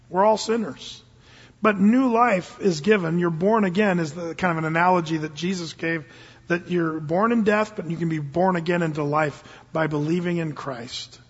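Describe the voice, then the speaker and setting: Here an older man, a pastor, preaches at a church service; his easygoing, sincere tone jumps abruptly into emphatic bursts. His voice is high-pitched and slightly rough. The audio is dull, marked by a long church reverb.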